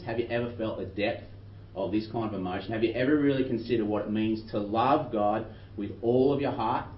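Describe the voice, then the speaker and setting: Male pastor preaching in a roomy hall. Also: mid-range voice. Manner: earnest, reads scripture slowly with rising emphasis. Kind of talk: sermon with scripture reading. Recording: roomy distant dull recording with faint noise.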